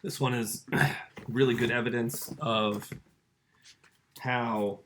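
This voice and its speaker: Bright-voiced enthusiastic male teacher. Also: medium pitch, fairly even intonation, slow, slight background noise. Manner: enthusiastic, chatty, addresses the kids directly. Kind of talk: informal home-school lesson.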